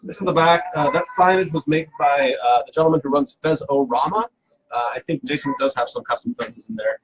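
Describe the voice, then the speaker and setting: A man's voice: fairly high pitch, lively intonation, a little fast, muffled recording, slight background noise. A man hosting a casual live cocktail stream from home, playful and self-mocking, rambling with fillers. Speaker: cocktail show host.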